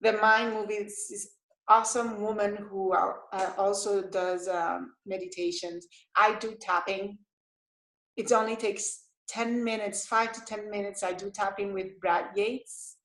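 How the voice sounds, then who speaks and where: A woman from Costa Rica, a mother of young children, talking as an interview guest in an animated way, laughing often and restarting her sentences. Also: medium pitch, unhurried, reverberant, poor audio. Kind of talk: casual interview chat.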